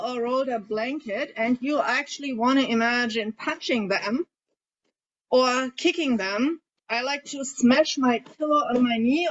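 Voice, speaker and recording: A woman coach guiding a group tapping session in a calm way, asking the group questions as she leads them. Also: sits high. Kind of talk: guided coaching instruction. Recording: dull lo-fi audio.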